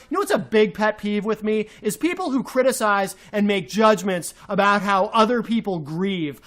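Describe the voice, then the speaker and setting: A man's voice: sits high, a bit bright. Furious ranting man, hurling insults. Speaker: radio show co-host. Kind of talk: angry on-air rant.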